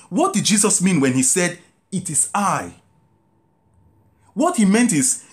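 Priest preaching, voice swings up and down a lot, drags out words for emphasis. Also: male voice, high-pitched, wildly swooping pitch. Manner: preaching with drawn-out emphatic phrases and sudden lifts and drops. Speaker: Catholic priest. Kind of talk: sermon.

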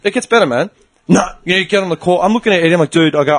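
A man's voice: fairly high pitch, racing. A man hosting a podcast, telling a long story in casual chat, swearing and acting out the people in it. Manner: animated, swearing, acts out the people in his story. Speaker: podcast host.

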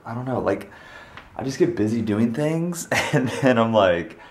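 A man's voice: medium pitch, lively intonation, measured pace. A young man wrapping up a vlog, rambling and apologetic with lots of fillers. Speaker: vlogger. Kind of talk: casual vlog outro.

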